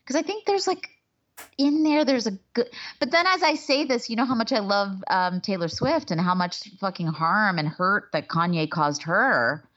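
A woman's voice: normal speed, fairly bright tone, lo-fi sound. A woman co-hosting a podcast in casual chat, talking loosely with restarts and the odd swear word. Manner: swearing, restarts, swoops in pitch. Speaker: podcast co-host.

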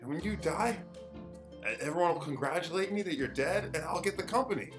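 A man's voice: on the high side, expressive, fairly quick, pitched below the performer's own voice, lightly acted. A man voicing a lazy, greedy grown son in a comedic audio drama, mumbling and half-hearted. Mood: sheepish. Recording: music behind.

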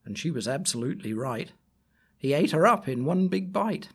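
A man reading a rhyming story aloud, slow and expressive. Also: on the high side, husky. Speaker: reader.

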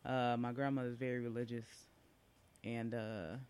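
A man's voice: medium pitch, little pitch movement, normal speed, clear, resonant tone. A man, casually telling a personal story as a podcast speaker, chatty and full of asides. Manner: chatty, warm-hearted, with asides and fillers.

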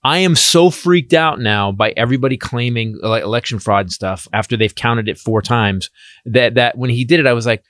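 A man's voice: medium pitch, a little fast, no room sound, studio quality. A man hosting a comedy podcast, chatting casually and with a lot of swearing, acting out what other people said. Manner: profane, animated, acts out quotes. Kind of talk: casual political podcast chat.

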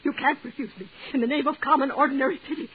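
An actress playing a frantic jealous wife. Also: female voice, high voice, steady tone, racing, natural voice. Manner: pleading, breathless and overwrought. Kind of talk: 1940s radio acting. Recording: tinny old radio broadcast with hiss.

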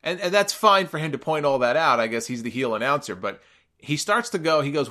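Male recapper, mid pitch, casual storyteller, animated and amused. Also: a little fast. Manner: animated, amused, quotes people in raised voices. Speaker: wrestling commentator recapping a match.

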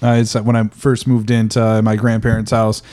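Young man telling a halting story. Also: lowish voice, monotone, a little mellow. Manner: rambling, halting with fillers. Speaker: podcast co-host. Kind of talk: casual chat.

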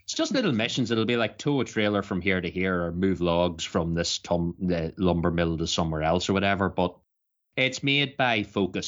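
A low-voiced man co-hosting a podcast, chatting in an easy, laid-back way. His voice sits deep, and the audio is somewhat dull and lo-fi. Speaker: podcast co-host. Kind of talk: casual chat.

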